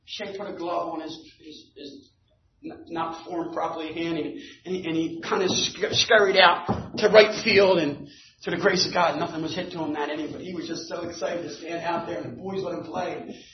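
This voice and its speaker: High-voiced man telling a story in an echoey room. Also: normal speed, slight background noise. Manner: animated, building to shouting at the climax. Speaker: speaker at a recovery meeting. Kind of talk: storytelling talk to a group. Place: meeting room. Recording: echoey room, distant dull mic.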